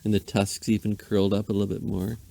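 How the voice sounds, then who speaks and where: A man's voice: on the low side, little pitch movement, fast, gravelly, mellow. A man, a dad, rambling playfully through an improvised bedtime story. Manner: rambling, playful, with silly asides.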